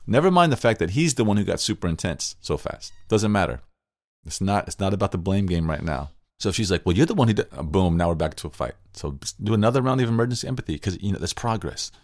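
A man's voice: sits low, lively intonation, fast talker, no room sound, studio quality. A man hosting a podcast, talking through a couple's argument and acting out both sides. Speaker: podcast host. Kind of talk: explaining a relationship scenario.

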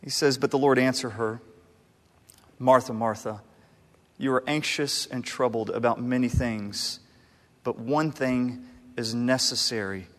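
A married man preaching a sermon as a pastor, talking in a conversational, animated way with frequent restarts. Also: medium pitch, a little slow, pauses often. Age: adult, married. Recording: long hall reverb.

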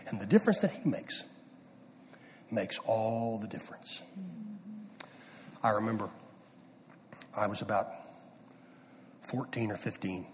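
A man's voice: on the low side, slight background noise. Man preaching in a reverberant church. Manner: dramatic swings from loud emphasis to hushed near-whispers. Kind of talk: sermon. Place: church sanctuary. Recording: distant mic with long hall reverb.

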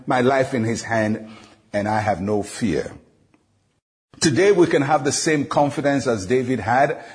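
A male pastor giving a devotional sermon, teaching in a measured way, slowing down on scripture quotes and pausing with frequent "uh" fillers. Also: medium pitch, a little mellow, husky. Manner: frequent "uh" fillers between phrases.

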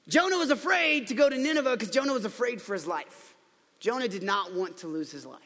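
High bright-voiced man preaching in a hall. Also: animated. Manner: chatty storytelling with playful asides and quick restarts. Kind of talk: casual conversational sermon. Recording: long hall reverb.

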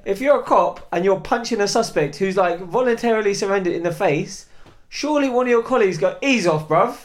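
A man's voice: high-pitched, fairly quick. A man in casual chat, animatedly telling street stories and acting out both sides.

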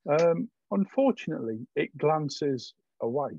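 Gravelly husky game master, lo-fi. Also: male voice, fairly high pitch, expressive, a little mellow, no echo. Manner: halting, filler-heavy descriptive narration. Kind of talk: narrating a tabletop game. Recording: dull lo-fi dry sound.

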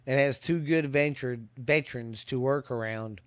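A man's voice: mid-range voice, no echo. A man giving a casual football season preview, stumbling and restarting as he reads stats, with hiccups. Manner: halting, stumbles and restarts while reading stats. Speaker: podcast host. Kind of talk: casual sports preview commentary. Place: hot outdoors.

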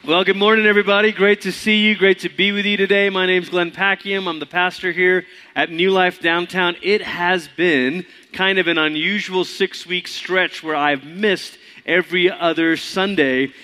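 Bright-voiced, chatty male pastor. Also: sits high, steady tone, normal speed. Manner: friendly, chatty and conversational. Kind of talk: sermon. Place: church sanctuary.

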